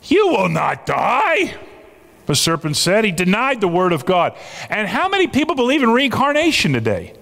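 A man's voice: high voice, very animated, brisk, bright, forceful tone. A man preaching a sermon as a pastor, emphatic and repeating his key phrases for weight. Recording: long reverb of a large hall.

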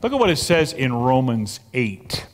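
Animated male preacher in a reverberant hall. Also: medium pitch, moderate pace. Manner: animated preaching, swinging from loud emphatic peaks to soft near-whispers. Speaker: pastor. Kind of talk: sermon.

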